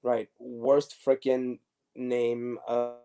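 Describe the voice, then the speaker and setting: A former pro soccer player, appearing as an interview guest, tells stories casually and animatedly, acting out the dialogue. His mid-range voice is clear and resonant, and he draws out his words.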